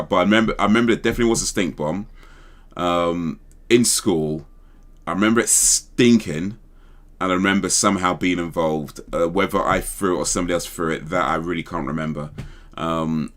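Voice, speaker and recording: A man's voice: sits low, a bit bright. A man hosting a casual livestream chat, rambling and thinking aloud as he second-guesses himself. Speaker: livestream host.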